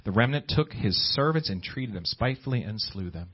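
A man preaching a sermon, swinging between high pleading exclamations and low hushed asides. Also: lively intonation, brisk, breathy edge. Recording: dull lo-fi recording.

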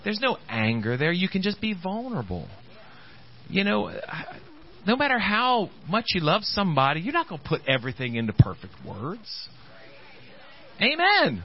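Pastor guy preaching, high voice all over the place, stop-start, does people's voices, kinda muffled lo-fi audio. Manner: animated, halting preacher acting out quoted voices. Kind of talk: sermon.

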